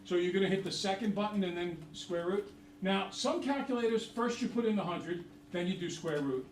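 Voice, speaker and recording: A man's voice: sits high, fairly quick, slight background noise. A middle-aged man teaching a math class, chatty and jokey, quizzing the students. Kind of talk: classroom lesson. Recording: roomy, from far off.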